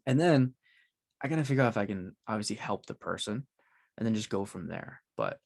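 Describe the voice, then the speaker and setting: A man hosting an interview, explaining his ideas in steady, casual talk with frequent "like"s. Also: fairly low pitch, fairly quick, vocal fry. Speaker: podcast host.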